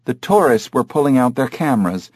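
A man narrating a novel in a measured storytelling voice. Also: mid-range voice, very animated, darkish tone, slightly rough, dry recording, studio quality. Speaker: audiobook narrator. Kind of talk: scripted narration.

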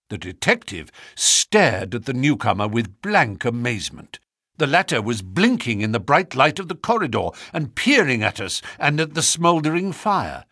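A man narrating a story as an audiobook in an expressive, measured way. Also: medium pitch, breathy edge, no echo, studio quality.

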